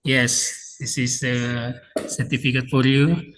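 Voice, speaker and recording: Male moderator, very slow and polite, faint background hum. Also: mid-range voice, little pitch movement, fairly bright tone, poor audio. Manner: polite, repetitive announcements. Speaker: seminar moderator. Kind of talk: formal moderating.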